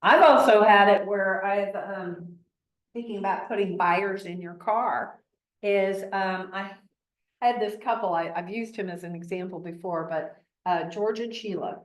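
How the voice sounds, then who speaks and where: Woman, Midwestern US accent, chatty class instructor with animated storytelling, mid pitch, echoey room. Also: a little slow. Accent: Midwestern American. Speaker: real estate trainer. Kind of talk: class teaching with stories. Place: training classroom.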